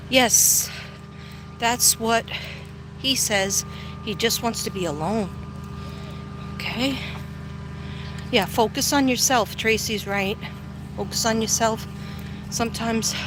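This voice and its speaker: Middle-aged woman vlogger, slow rambling chat, slightly high voice, phone audio outdoors with clear background noise. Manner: chatty, rambling, reads viewer comments aloud. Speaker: psychic vlogger. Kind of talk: casual live-stream chat while walking. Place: outdoors on a walk.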